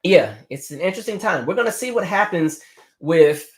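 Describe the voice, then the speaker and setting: Man, 30s, livestream host, passionate, quick, conversational, slightly high voice. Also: expressive. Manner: passionate, fast-talking, conversational. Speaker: political commentary livestream host. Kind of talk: casual livestream commentary.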